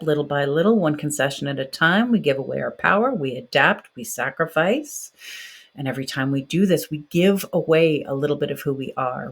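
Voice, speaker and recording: A woman in her forties hosting a podcast, talking directly and encouragingly in a motivational monologue. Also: low-pitched. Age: 40s. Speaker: podcast host.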